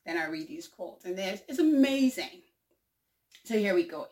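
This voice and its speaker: A woman giving a slow, heartfelt motivational talk, lingering on the lines she quotes. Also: mid-range voice, sing-song, darkish tone, far from the mic. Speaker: speaker sharing encouragement.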